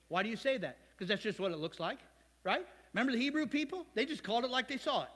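A male pastor from Ohio preaching a sermon in a church, lively and conversational, with asides to the congregation. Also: very high voice, quick pace, long reverb tail. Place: church sanctuary.

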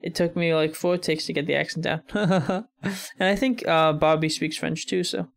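American male reactor, slightly high gravelly voice, rambling musing commentary. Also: fairly even intonation, normal speed. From United States. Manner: musing aloud, chuckling often, thinking out loud with fillers. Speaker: reaction video host.

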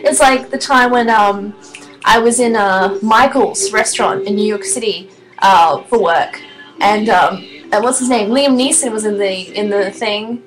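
A woman in her twenties chatting casually on her live stream, excitable, giggly and rambling. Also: mid-range voice, measured pace, faint music behind, low-quality recording. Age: 20s.

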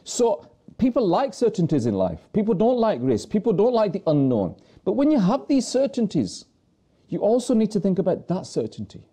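A man's voice: high voice, wildly swooping pitch, moderate pace, warm tone. A man presenting a religious talk to viewers, earnestly preaching with rhetorical questions and repeated phrases.

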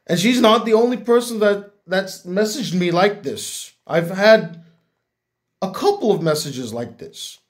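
A man's voice: high-pitched, lively intonation, a little slow. A young man, a YouTube critic, talking earnestly and reflectively to his viewers, often repeating words as he gathers his thoughts. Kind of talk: heartfelt talk to camera.

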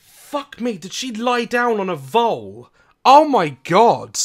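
A young woman on a headset, giving casual gaming commentary with crude jokes, giggles and loud exclamations. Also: fairly high pitch, big pitch swings, takes it slowly, very noisy. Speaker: gaming video creator.

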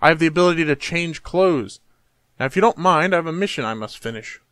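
A man's voice: a little high, expressive, fast talker, a bit bright, dry recording. A man reading out the lines of a young man in a horror game who turns out to be a killer. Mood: menacing.

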